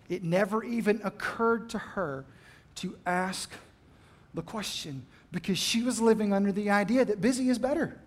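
A man preaching a sermon, telling the story with animated, dramatic delivery. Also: sits high, moderate pace. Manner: animated storytelling, acts out the scenes. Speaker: pastor.

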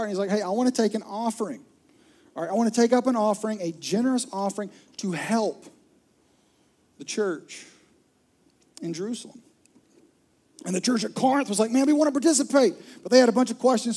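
A man preaching a sermon to his church, telling stories with lively, acted-out voices. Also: sits high. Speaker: pastor. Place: church auditorium with a live audience.

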